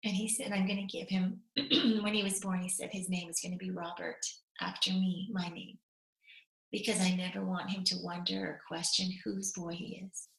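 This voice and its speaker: A woman's voice: fairly low pitch, level tone, moderate pace, creaky. A middle-aged woman, a talk show guest, telling an emotional personal story candidly and animatedly, her voice breaking into tears at times. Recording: roomy echo.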